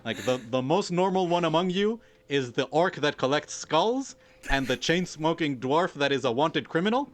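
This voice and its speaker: Game master man, halting and relaxed. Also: a little high, a little hiss or hum. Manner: relaxed, many fillers and restarts. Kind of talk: narrating a tabletop game.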